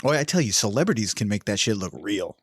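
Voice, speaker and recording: A man's voice: lowish voice, big pitch swings, quick pace, slightly rough, dry recording, studio quality. A man co-hosting a horror movie podcast, chatting casually, rambling and swearing, laughing often. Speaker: podcast co-host. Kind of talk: casual chat.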